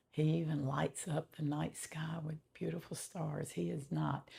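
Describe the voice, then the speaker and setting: Gravelly, husky woman sharing testimony. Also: sits low, flat delivery, dark tone. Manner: slow and heartfelt, often dropping to a whisper. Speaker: testimony vlogger. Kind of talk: personal faith testimony.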